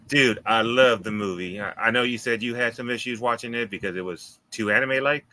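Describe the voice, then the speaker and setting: A man's voice: mid-range voice, moderate pace, bright, forceful tone, no room sound, rough recording. A man co-hosting a podcast, reviewing a movie in enthusiastic, rambling casual chat with plenty of fillers. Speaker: podcast co-host.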